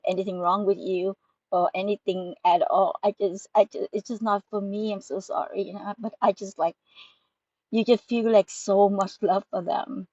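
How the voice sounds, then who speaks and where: A woman's voice: medium pitch, dark tone, no echo. Emotional woman vlogger, muffled dry sound. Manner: heartfelt, emotional, non-native grammar. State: tearful at times. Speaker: spiritual vlogger. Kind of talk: emotional direct-to-camera talk.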